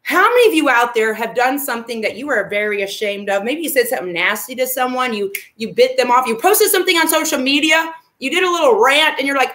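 Bright, emphatic woman fitness coach. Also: sits high, animated, quick pace, hardly any pauses. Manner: upbeat, emphatic, calls out to viewers by name. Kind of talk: motivational livestream talk.

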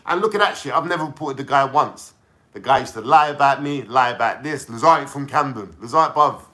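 A man's voice: mid-range voice, fairly quick, sharp tone. A young man with a London accent, ranting casually to camera in a slangy, mocking, swearing way. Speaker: vlogger.

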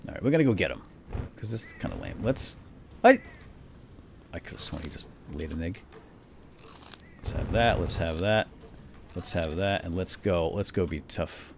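A man hosting a let's play video, commenting on a boss fight with excited exclamations. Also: low-pitched, moderate pace, long pauses, slight background noise. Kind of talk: gameplay commentary.

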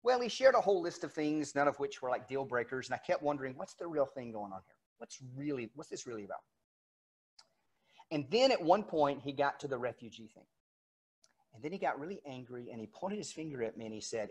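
A man's voice: mid-range voice, lively intonation, brisk, breathy edge. A middle-aged male pastor telling a story in a casual, conversational sermon, acting out back-and-forth dialogue as he goes. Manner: conversational, retells dialogue with quotes. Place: church sanctuary, recorded for online service.

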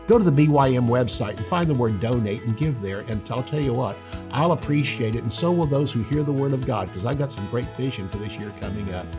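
An older man, a pastor, teaching a sermon with a husky voice and emphatic, drawn-out stresses on key words. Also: mid-range voice, expressive, music in the background.

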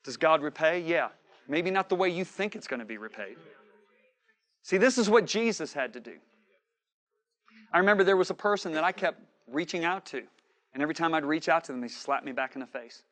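A man preaching a sermon, telling a story with quoted dialogue and swinging from shouting to hushed asides. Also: a little high, lively intonation, a little fast, long pauses.

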